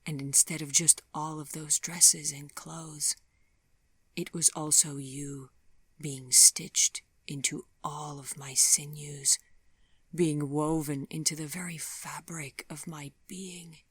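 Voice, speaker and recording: A woman narrator voicing an anguished young man in an audiobook, speaking softly and tenderly in a half-whisper as he pleads with his lover. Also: sits low, level tone, slow, breathy edge, no room sound, studio quality, heavily acted. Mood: pleading. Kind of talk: audiobook dialogue.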